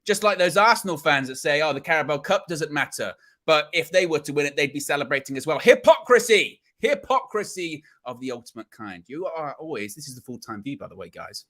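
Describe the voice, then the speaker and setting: A man's voice: a little high, expressive, quick pace, hardly any pauses, pushed and bright. A man hosting a live football fan show, talking emphatically and repeating phrases for effect. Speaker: host of a football fan channel livestream. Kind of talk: live post-match fan reaction show.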